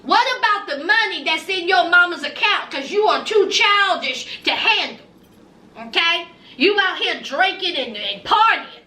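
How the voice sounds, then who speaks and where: A woman's voice: very high voice, expressive, unhurried, sharp tone, echoey room, distant mic, full character voice. A woman voicing a fed-up young wife who confronts her husband and demands answers.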